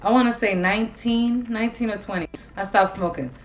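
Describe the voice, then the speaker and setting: Seorang wanita paruh baya yang mengobrol santai dan bertele-tele sebagai pembawa acara podcast, sering mengumpat dengan gaya yang hidup. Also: female voice, medium pitch, brisk, lo-fi sound, a little hiss or hum. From Ohio. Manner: swears a lot, rambling and animated. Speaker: podcast host. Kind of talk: casual chat.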